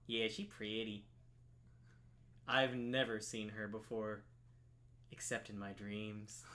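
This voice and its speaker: A man casually reading and commenting on a story game while streaming, playful and quick to get excited. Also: on the low side.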